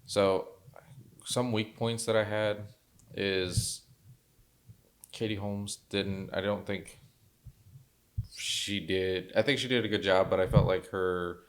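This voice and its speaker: Deep-voiced man, easygoing podcast chat. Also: steady tone, slow, pauses often. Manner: laid-back, many short agreeing replies and fillers. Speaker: podcast co-host. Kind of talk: casual movie review chat.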